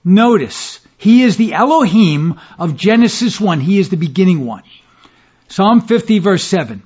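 A man's voice: high-pitched, lively intonation, moderate pace, a little mellow, breathy edge. A man preaching a sermon, teaching from scripture and reading verses aloud in formal old-fashioned wording, with emphatic stress on key words. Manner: expository teaching, quoting scripture in formal King James phrasing. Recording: dull lo-fi sermon recording.

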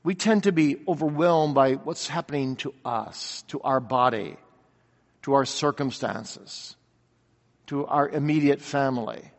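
A man preaching a sermon, earnestly asking rhetorical questions and swinging between loud declarations and quiet reflection. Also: medium pitch, a little slow, creaky. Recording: long reverb of a large hall.

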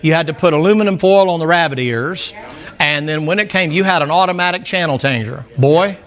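A man's voice: fairly high pitch, fast, fairly bright tone. Folksy mountain-raised preacher man. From American mountain region. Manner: folksy, storytelling, humorous asides. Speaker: pastor. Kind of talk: sermon.

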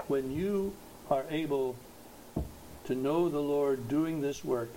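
A man preaching a sermon, slow and emphatic, rising to loud exhortation at its peaks. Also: mid-range voice, a little hiss or hum, rough recording.

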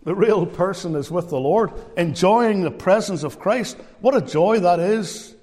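High-voiced preacher in a reverberant hall. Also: male voice, animated, measured pace, a little mellow. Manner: storytelling, emphatic. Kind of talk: sermon.

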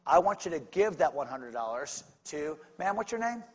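A male pastor preaching a sermon, swinging from casual talk with the congregation to fervent shouting. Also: a little high, very animated, normal speed, husky. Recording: long hall reverb.

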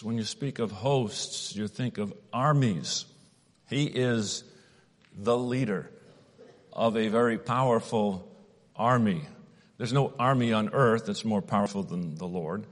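A man preaching a sermon at an unhurried, deliberate pace, with some restarts. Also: fairly low pitch, in a large hall.

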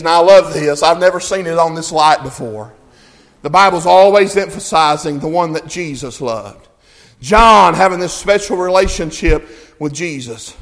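A man preaching a fervent sermon at a church service, reading scripture in King James wording and rising to shouts at his peaks. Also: fairly high pitch, normal speed. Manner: impassioned, swells to shouting at peaks. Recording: long hall reverb.

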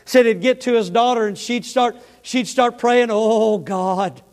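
A man preaches in a church sanctuary, his words trailing into a long reverb. He tells his story animatedly, at times close to shouting, then turns quiet and earnest when he speaks to the congregation. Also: extremely high pitch, normal speed. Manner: animated, rising to near-shouting in the story, dropping soft and earnest for the appeal. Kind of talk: sermon with storytelling.

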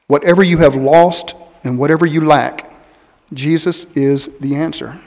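A man preaching a sermon as pastor, earnest, stressing key words slowly and with weight. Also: on the high side, steady tone, creaky, darkish tone. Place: church sanctuary. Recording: long hall reverb.

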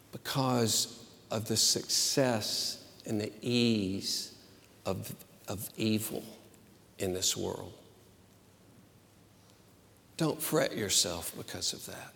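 A man's voice: lowish voice, gravelly, fairly bright tone, big-room sound. A man preaching a sermon as pastor, earnest and emphatic in his delivery. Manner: earnest, emphatic, slow and deliberate.

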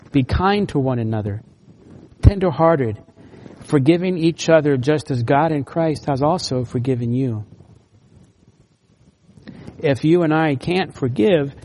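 A man's voice: fairly high pitch, warm tone, a little hiss or hum. A man preaching a sermon as pastor, earnest and emphatic, with brief laughs and restarts. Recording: long hall reverb.

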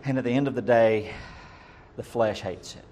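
A middle-aged man preaching a sermon as pastor, emphatic, swinging between loud bursts and quiet asides. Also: medium pitch, moderate pace, a little hiss or hum.

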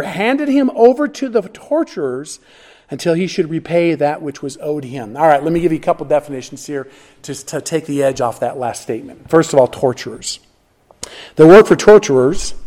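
A pastor delivering an expository sermon, emphatic and animated, often restarting his phrases as he works through the text. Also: on the high side.

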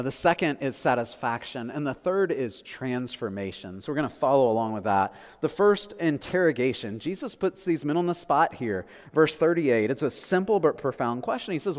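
A man preaches from the pulpit in a relaxed, conversational way, turning ideas over and trying the same phrase with different stresses. His voice sits slightly higher than most men's. The sound carries a long reverb, as in a church sanctuary. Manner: conversational, reflective, repeats phrases with shifting emphasis. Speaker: pastor. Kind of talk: sermon.

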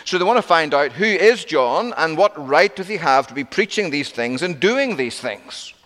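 A preacher delivers a sermon at normal speed, his voice pitched a little higher than typical for a man. He tells the story vividly and acts out the quoted lines. A long reverb fills the sound, as if in a large church hall.

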